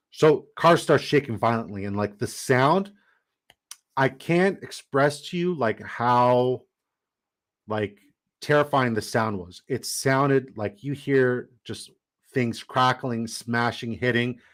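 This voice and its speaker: A young man casually telling his viewers a long story, animated and rambling, with lots of "like". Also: medium pitch. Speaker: fantasy football streamer.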